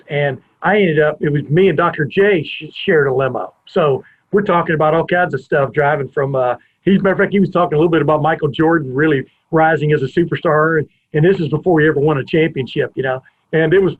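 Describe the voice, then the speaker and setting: Broadcasting from his family room at home, a podcast host with a higher, husky voice speaks briskly. His long anecdote keeps drifting into digressions, and the audio has a tinny, phone-like quality.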